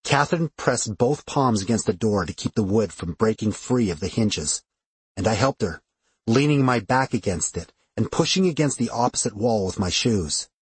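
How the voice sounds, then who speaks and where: A man narrating first-person fiction in a steady, expressive way on a close studio microphone. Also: on the low side, normal speed, slightly rough. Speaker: audiobook narrator.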